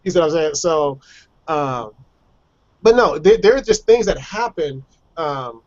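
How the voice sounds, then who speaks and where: Brief: fairly high-pitched male guest, chatty storyteller who laughs a lot, muffled video call sound. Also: expressive, measured pace. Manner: chatty, laughs often, acts out voices of others. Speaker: guest telling personal stories. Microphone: video call microphone.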